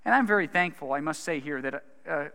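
A man's voice: a little high, a little fast, bright, forceful tone, clear, resonant tone. A male pastor preaching a sermon in an earnest, conversational way, asking his listeners questions. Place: church hall. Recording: long hall reverb.

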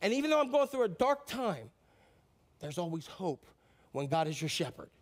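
A man with a fairly high voice preaches a sermon in a relaxed, conversational way. He acts out the quotes he reads and swings between quiet, heavy lines and sudden cheering bursts. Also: normal speed. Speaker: pastor.

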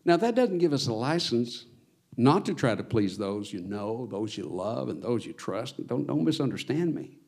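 A man's voice: mid-range voice, big pitch swings, normal speed, creaky, a little mellow. A man preaching a sermon as pastor, earnest, his voice swelling on his exhortations.

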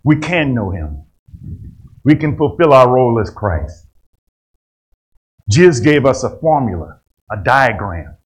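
A man preaching a sermon, rising to loud emphatic passages and dropping to quiet asides. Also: mid-range voice, very animated, measured pace, pauses often, breathy edge, rough recording.

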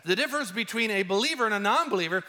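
High bright-voiced preacher in a reverberant hall. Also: male voice. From Arizona, USA. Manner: lively storytelling preacher, drawn-out emphasis. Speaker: pastor. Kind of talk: sermon. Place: large church hall. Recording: long church-hall reverb.

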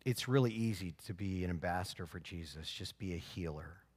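A man preaching a sermon as pastor, telling stories with lively swings between loud exclamations and quiet, earnest emphasis. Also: low voice, fairly quick, slightly rough.

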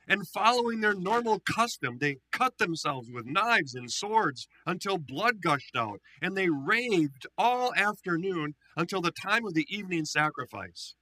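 Male pastor, lively scripture storyteller, bright forceful tone, slightly high. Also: a little slow, poor audio. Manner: animated storytelling with playful asides. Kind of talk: sermon with scripture reading.

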